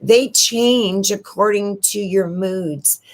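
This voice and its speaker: A woman hosting her own channel gives an unhurried spiritual talk to viewers, often posing rhetorical questions. Her voice is medium-pitched, and she sniffles a little from allergy medicine.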